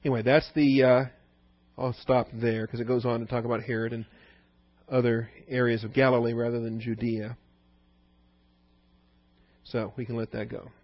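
In a dull, dry recording, a male teacher with a medium-pitched, level voice gives a conversational Bible study lecture at normal speed, with long pauses, often asking questions of the group.

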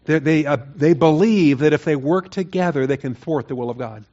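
A man's voice: a little high, fairly quick, mellow, dull audio. Man preaching a conversational sermon. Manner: conversational, rising to emphatic mock-quoting. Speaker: pastor. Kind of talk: expository sermon.

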